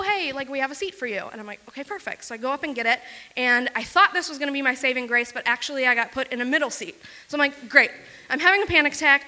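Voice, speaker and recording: A woman from Wisconsin telling a self-mocking story on stage, fast and full of "like". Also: high voice, bright, forceful tone, long reverb tail. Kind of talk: live comic storytelling.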